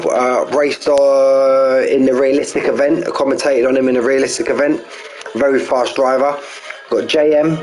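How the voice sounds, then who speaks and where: A man's voice: mid-range voice, rough recording. A man with a Cockney accent hosting a sim-racing league live stream, chatting casually and greeting viewers by name.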